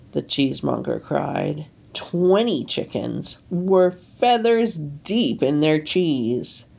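A woman reading a children's storybook aloud, animated and deliberate. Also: deep voice, creaky. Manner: animated, slow and deliberate, leaning into sound effects. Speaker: storybook reader. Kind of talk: expressive read-aloud storytelling.

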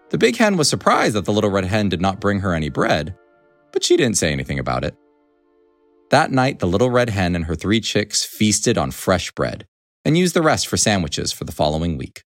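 Low-voiced, animated male storyteller. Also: dry recording, studio quality. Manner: expressive and animated. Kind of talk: children's storybook reading.

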